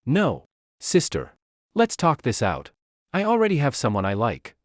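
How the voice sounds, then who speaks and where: A man's voice: medium pitch, huge pitch swings, a little slow, no echo, studio quality. A man voicing a panicked young man who pleads and backs away in flustered bursts in a storybook recap. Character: panicked young man fleeing an unwanted suitor.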